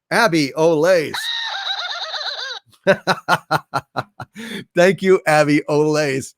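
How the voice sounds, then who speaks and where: A man hosts a live stream and reads out viewer messages, greeting each one grandly. He speaks slowly and with lots of pitch movement. The sound is dry and close. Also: expressive, a bit bright, no room sound. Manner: theatrical, hailing viewers grandly.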